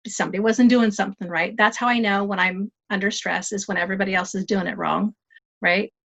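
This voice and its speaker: A woman guest on a podcast interview, telling stories in a lively, self-deprecating, humorous way. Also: mid-range voice, quick pace, vocal fry. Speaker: guest, life coach.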